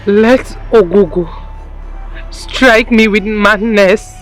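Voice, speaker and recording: An actress playing Esther, a wronged young wife who swears an oath and later raves in madness, over film music. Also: female voice, mid-range voice, steady tone, slow, close to an everyday voice. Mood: solemn. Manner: pleading then raving, agitated. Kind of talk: Nollywood drama acting.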